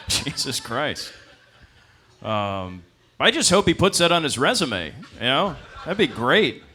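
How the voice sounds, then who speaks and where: A man in his twenties performing a stand-up comedy set, telling stories with deadpan asides and jumping into high-pitched voices for the characters he quotes. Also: slow, pauses often. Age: 20s. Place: comedy club stage.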